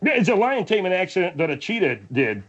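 A man's voice: high-pitched, big pitch swings, quick pace, fairly bright tone, husky, muffled recording, pitched above the performer's own voice, heavily acted. A man voicing a brash male studio guest who argues and speaks with sloppy grammar. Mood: blunt.

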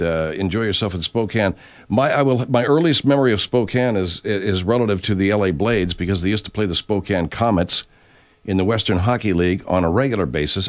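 An older man hosting a casual live chat show from a home studio, rambling, swearing freely and reading out viewers' names and messages. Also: fairly low pitch. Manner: rambling, profane, reads names and messages aloud. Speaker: host.

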